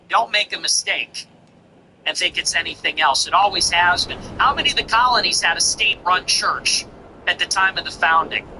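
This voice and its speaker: A man's voice: high-pitched, pushed and bright, a little hiss or hum, low-quality recording. A male host delivering a heated, profane, mocking monologue. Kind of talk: ranting monologue.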